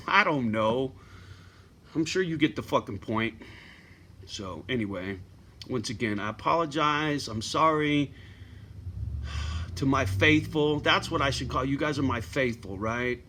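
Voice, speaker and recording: Man, middle-aged, swearing, surly, home vlog, bright voice. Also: mid-range voice, a little slow, pauses often, a little hiss or hum. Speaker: vlogger. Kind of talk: profane rant to camera. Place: at home with his dog.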